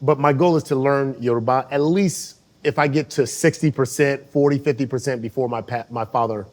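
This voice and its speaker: A man's voice: mid-range voice, brisk, darkish tone. A man co-hosting a casual conversation, eagerly repeating new words as he learns them.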